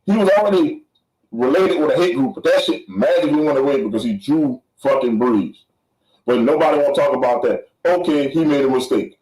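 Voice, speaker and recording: A man's voice: medium pitch, a little fast, warm tone, reverberant, poor audio. Angry profane man ranting on a podcast. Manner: heated, profane, repeats himself for emphasis. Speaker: podcast host.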